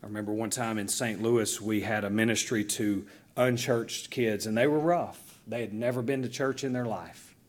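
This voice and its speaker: A man's voice: on the low side, moderate pace. A man preaching a sermon as pastor, telling stories with emphatic, shifting delivery. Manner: animated storytelling with emphatic dynamic shifts.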